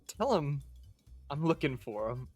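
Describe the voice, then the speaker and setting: A scruffy little kobold with a raised, pushy voice, as a man puts him on. He is prickly and quick to take offense, a small figure in a tabletop game. He gets indignant when someone doubts him. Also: a little high, sing-song, darkish tone, husky, no echo, faint music behind, heavily acted. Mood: warning. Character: small scruffy male kobold, touchy and blunt.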